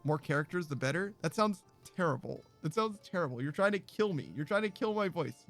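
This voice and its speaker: A man's voice: on the high side, animated, brisk, a bit bright, soft background music. A man narrating a game playthrough, joking and laughing often between the passages he reads aloud. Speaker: streamer reading a game aloud.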